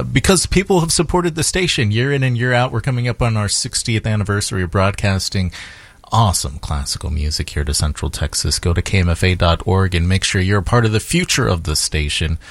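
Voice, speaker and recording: A man's voice: lowish voice, lively intonation, brisk, gravelly, no echo. A man hosting a classical radio morning show in a studio, making upbeat, persuasive fund drive appeals. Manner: upbeat and persuasive, repeating the phone number. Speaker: radio host. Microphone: studio microphone.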